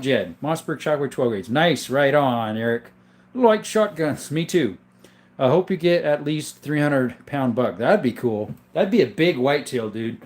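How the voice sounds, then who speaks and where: A man hosting a casual livestream from his home, reading viewer questions aloud and answering them one by one in a relaxed way. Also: medium pitch. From southern Arizona. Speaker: gun channel host reading live chat. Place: indoor room full of guns.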